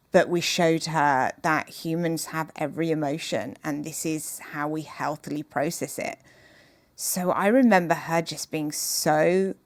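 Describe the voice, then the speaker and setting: A woman guest in an interview, speaking in an earnest, measured and openhearted way. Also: sits low, no room sound. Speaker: podcast guest, author. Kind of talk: reflective interview conversation.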